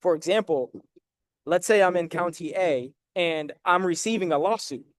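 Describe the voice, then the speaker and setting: A man's voice: sits high, moderate pace, no echo, studio quality. Emphatic man explaining debt documents. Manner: direct, emphatic, addresses viewers as guys with frequent "right?". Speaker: credit and debt educator. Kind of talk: casual explanatory talk over documents.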